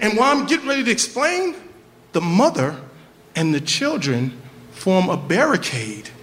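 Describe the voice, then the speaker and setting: A man telling a profane, comic story on stage at a live show, in an animated way. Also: high voice, a little hiss or hum. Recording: echoey live venue.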